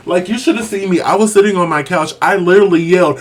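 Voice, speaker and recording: Animated man with a higher voice. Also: fast, hardly any pauses. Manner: animated, acts out his own reactions in high exaggerated bursts; laughs often while talking. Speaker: co-host of a TV review show. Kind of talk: casual chat.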